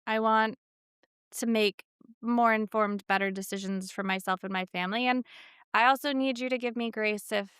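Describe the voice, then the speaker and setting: A woman in her thirties co-hosting a podcast, speaking in a thoughtful, measured way in casual chat. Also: mid-range voice, a bit bright, smooth, no echo, studio quality. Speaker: podcast co-host.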